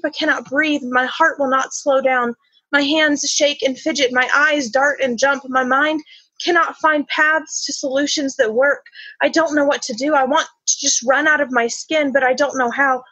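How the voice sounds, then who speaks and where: A woman performing a spoken word poem in a slow, measured, halting delivery. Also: sits high, a bit bright, no room sound. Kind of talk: spoken word poetry reading. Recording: dull, slightly lo-fi sound.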